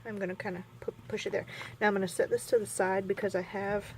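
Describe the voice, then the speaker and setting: A woman's voice: mid-range voice, little pitch movement, quick pace, a little hiss or hum. A woman chatting casually while scrapbooking at her craft table, rambling and poking fun at herself with lots of fillers. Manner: rambling, chatty, self-mocking, many fillers. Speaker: scrapbooking vlogger.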